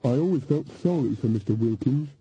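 A man's voice: medium pitch, animated, brisk, dark tone, muffled recording, a little hiss or hum, lightly acted. A man voicing an earnest, somewhat gloomy young woman witch with a plaintive manner, read as an audiobook character.

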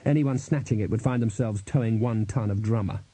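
Dark-voiced male audiobook narrator. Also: on the low side, husky, dry recording, low-quality recording. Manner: dry, measured storytelling.

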